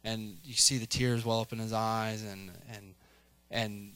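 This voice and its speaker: A man's voice: on the low side, fairly even intonation, unhurried, bright, forceful tone, clear, resonant tone, dry recording. A middle-aged man preaching a casual sermon, chatty, with many fillers and a habit of asking "right?". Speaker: lay preacher.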